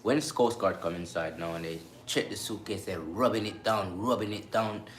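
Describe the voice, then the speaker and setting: A man who works on a cruise ship, telling a story to camera in a casual, animated way and acting out sounds and voices. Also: lowish voice, moderate pace. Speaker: cruise ship crew member vlogger. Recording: echoey room with faint background noise.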